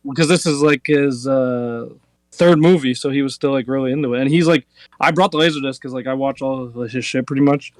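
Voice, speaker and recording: A male podcast host speaks briskly in a mid-range voice, with no echo on the recording. In casual conversation he tells rambling stories, scattering the word "like" and other fillers throughout.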